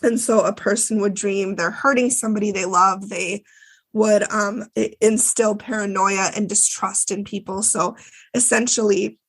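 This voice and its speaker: Gravelly-voiced woman podcast co-host. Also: mid-range voice, fairly even intonation, normal speed. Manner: chatty, swears freely, lots of fillers. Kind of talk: casual chat recapping a TV episode.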